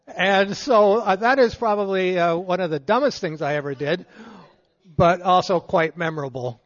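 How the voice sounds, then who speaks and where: An older man with a high, light voice tells stories with a laugh running through them. He speaks into a handheld mic in a meeting hall, and the sound is muffled, with a long reverb trailing behind him. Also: normal speed. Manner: chuckles through his stories, animated. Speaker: veteran and event emcee. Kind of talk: anecdotal storytelling to an audience. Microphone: handheld microphone.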